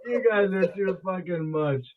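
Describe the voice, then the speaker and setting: Loud, profane man on tinny audio. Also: high-pitched, measured pace, a little hiss or hum. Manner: loud, profane, laughing, slips into mock accents. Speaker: podcast co-host. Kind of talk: casual drunk podcast banter. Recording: tinny phone-like sound.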